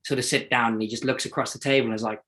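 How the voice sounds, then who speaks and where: A man's voice: mid-range voice, steady tone, very fast, sharp tone. Young man, from South Africa, racing driver guest, casual, rambling, self-deprecating, lots of restarts. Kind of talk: casual interview chat.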